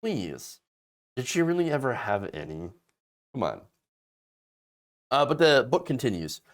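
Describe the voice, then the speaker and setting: A man's voice: medium pitch, big pitch swings, a little slow. A man hosting casual political commentary, sarcastic and mocking, slipping into exaggerated voices to ridicule people.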